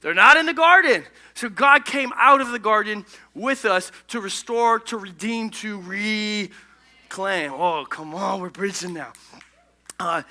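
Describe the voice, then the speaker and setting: A male pastor giving an energetic, conversational, jokey sermon in a church. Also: high-pitched. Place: church stage.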